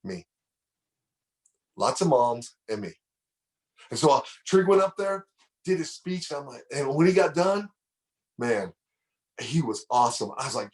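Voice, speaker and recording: A man's voice: fairly high pitch, expressive, normal speed, long pauses. A middle-aged man giving a motivational speech, preaching and telling a story, repeating phrases for emphasis. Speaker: motivational speaker.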